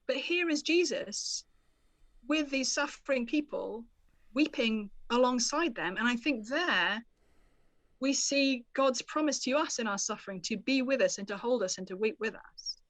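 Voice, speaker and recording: A woman author, a podcast guest, explaining a Bible passage in an animated, storytelling manner. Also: a little high, measured pace, no echo. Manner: animated storyteller, quotes scripture expressively. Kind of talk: conversational Bible teaching.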